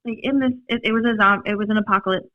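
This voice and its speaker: A young woman with a Minnesota accent, a podcast guest telling stories in a rambling, animated way, full of fillers and laughs. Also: medium pitch, rapid-fire, no echo. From Minnesota, USA. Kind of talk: casual storytelling chat. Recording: dry, slightly dull podcast audio.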